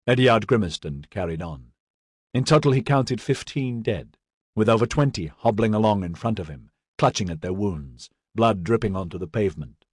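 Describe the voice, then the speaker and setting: A man reading fantasy fiction as a steady, measured audiobook narrator. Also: on the low side, husky, no room sound, clean studio sound. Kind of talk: scripted narration.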